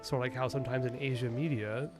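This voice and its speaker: Casual male streamer, mid-pitched, rambling gameplay chatter, quiet game music underneath. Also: steady tone, fast. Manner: rambling, chatty, thinks aloud and answers chat. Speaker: gaming streamer. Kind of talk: casual gaming commentary.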